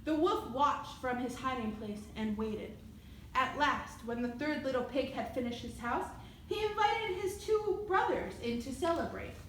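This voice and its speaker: A woman on the library staff reading a fairy tale aloud in a lively, expressive storybook manner. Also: high voice, unhurried, roomy sound, a little hiss or hum, low-quality recording.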